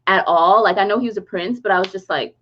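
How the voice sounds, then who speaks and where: A woman co-hosting a book club livestream, telling stories in a lively, laughing way. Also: medium pitch, fast talker. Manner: animated storyteller, laughs while telling. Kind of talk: casual livestream chat. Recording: dull lo-fi stream audio.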